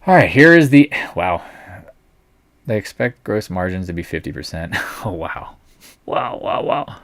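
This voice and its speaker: Deep-voiced man musing over markets. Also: sing-song, a little slow, fairly bright tone, dry recording. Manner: thinks aloud, wry and blunt. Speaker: host of a live market stream. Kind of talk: live market commentary.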